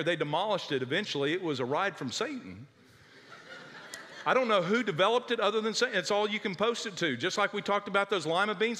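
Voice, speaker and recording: A male pastor preaching a sermon with animated, dramatic storytelling. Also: sits high, long reverb tail.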